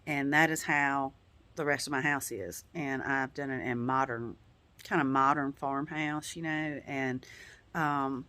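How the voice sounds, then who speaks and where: A woman's voice: extremely low pitch, fairly even intonation, unhurried, bright, forceful tone, no echo. A woman giving a casual personal update as a vlogger, talking in a rambling, heartfelt way with many "you know" fillers. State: tearing up at times.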